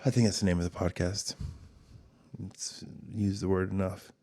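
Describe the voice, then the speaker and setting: A man hosting a casual podcast and talking in a slightly low voice. He rambles candidly and swears freely. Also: level tone, normal speed, a little mellow. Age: adult father of two. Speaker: podcast host.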